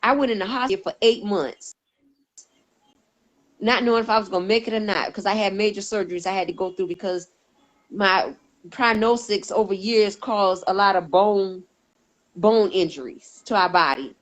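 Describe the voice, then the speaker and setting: A woman's voice: medium pitch, normal speed, low-quality recording. A woman giving a personal testimony as a guest, telling her story earnestly and emphatically and acting out the dialogue she quotes.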